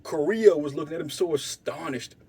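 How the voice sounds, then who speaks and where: A young man with a somewhat high voice tells a wild story in loose street slang. He gets animated and swears freely, swinging between loud bursts and hushed asides as he acts out what others said. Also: a little fast, vocal fry, breathy edge. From Canada. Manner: animated, swearing, acts out quotes loudly and softly. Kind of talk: casual storytelling.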